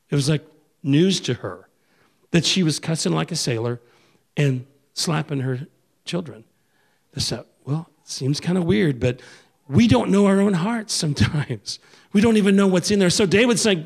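A middle-aged pastor delivers a sermon with a gravelly edge to his slightly raised voice. He talks casually and acts out the people he quotes. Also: a little high, animated, moderate pace.

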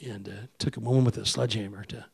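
A man's voice: lowish voice, steady tone, quick pace, gravelly, breathy edge. A middle-aged man preaching a sermon in a conversational way, acting out the voices of people he quotes. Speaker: pastor.

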